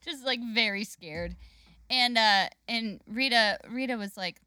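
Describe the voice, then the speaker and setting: A woman telling a comic story in casual chat, animated and quick to laugh. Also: on the high side, dry recording.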